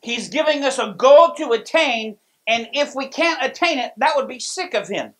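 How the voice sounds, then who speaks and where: A man preaching a sermon as pastor, telling stories with lively delivery and frequent restarts. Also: extremely high pitch, normal speed, few pauses, rough recording. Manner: storytelling, lively, many restarts.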